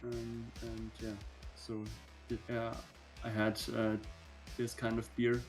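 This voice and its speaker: A man on a video-call date, talking hesitantly with many pauses and fillers. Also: mid-range voice, completely flat delivery, faint music behind. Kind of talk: casual video-call chat.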